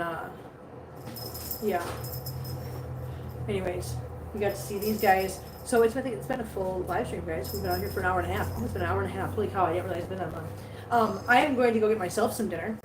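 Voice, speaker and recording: A woman's voice: medium pitch, a little fast, pauses often. A woman hosting a casual live stream from her home, chatting to viewers about her cats and laughing often. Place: home living room. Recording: roomy home sound with faint background hiss.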